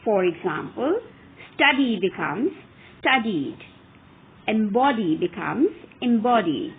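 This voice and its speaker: A woman teaching English verb forms in a careful, deliberate way, stressing each example word. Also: medium pitch, sing-song. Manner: clear, careful enunciation with rising emphasis on examples. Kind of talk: slow, deliberate grammar lesson. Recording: phone-like narrow audio with faint hiss.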